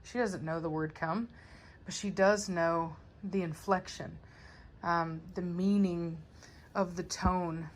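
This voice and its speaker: Woman, dog breeder vlogging; lowish voice, relaxed and rambling. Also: slow. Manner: chatty, rambling, conversational. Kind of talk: casual vlog talk to viewers.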